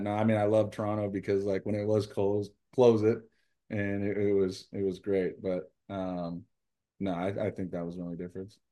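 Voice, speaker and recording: A man, a professional baseball pitcher, talking casually as an interview guest in a rambling, animated way with lots of fillers.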